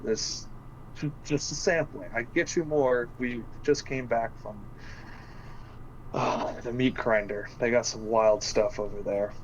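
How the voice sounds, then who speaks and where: A man voicing his tabletop character, a male monk adventurer pitching a vial to a dealer in an offhand, casual way. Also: steady tone, a little slow, a little hiss or hum, close to an everyday voice, rough recording. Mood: salesy.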